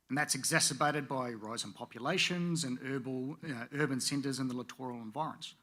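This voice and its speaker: Bright-voiced man giving a conference speech. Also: mid-range voice, creaky. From Pacific Islands. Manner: measured, with frequent "uh" fillers. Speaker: panelist. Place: conference venue.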